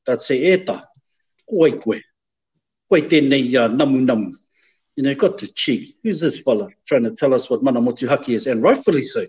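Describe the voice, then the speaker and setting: A man, a guest in an interview, speaking in a measured, thoughtful way and mixing te reo Māori words into his English. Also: mid-range voice, a little mellow. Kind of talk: reflective interview talk. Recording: slightly dull, lo-fi sound.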